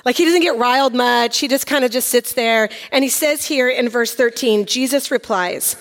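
A woman teaching a Bible passage in a chatty, animated way, acting out the quoted lines with sass. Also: a little high, normal speed, few pauses, long reverb tail.

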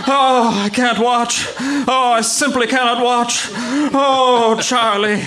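A man's voice: very high-pitched, fairly even intonation, slow, noisy background. An actor playing an overwrought old-time male radio reporter, gasping out breathless exclamations. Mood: anguished. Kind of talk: 1930s radio reporter parody.

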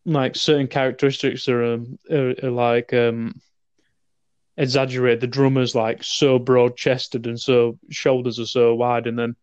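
Guy chatting about a film, stumbles and repeats himself, normal pitch, dry sound. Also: flat delivery, a little mellow, smooth, dry recording, lo-fi sound. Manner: halting, repeats words, asks for agreement. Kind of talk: casual film chat.

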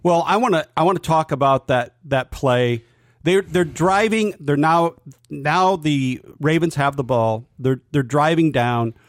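A father co-hosting a casual sports podcast with his son, measured and agreeable, with hesitant restarts. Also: fairly high pitch, no room sound, studio quality. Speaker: podcast co-host, father of the other host.

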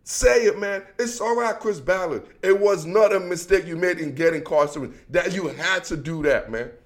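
High-voiced man ranting about football. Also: normal speed. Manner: emphatic, repetitive, slangy, calls listener bro. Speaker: sports commentator. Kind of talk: casual sports rant.

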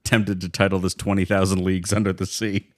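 A man's voice: deep voice, level tone, fairly quick, dry recording, studio quality. A man co-hosting a podcast, trading teasing wisecracks in crude casual banter. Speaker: podcast co-host.

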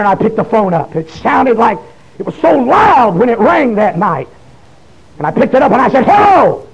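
A man preaches a fiery testimony, his voice pitched high. He breaks into shouted, pleading bursts. The recording is dull and muffled, like an old tape. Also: creaky.

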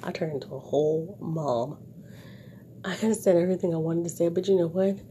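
A woman vlogger telling a story to her viewers in a casual, animated way, with wry asides, and ending on a moral lesson. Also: fairly low pitch, rapid-fire, a little hiss or hum.

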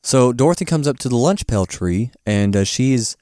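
A man of middle pitch chatting casually on a podcast about a movie. He rambles and restarts often, with animated bursts of laughter. The sound is dry and close. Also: moderate pace, dry recording. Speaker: podcast co-host. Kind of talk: casual movie-review chat.

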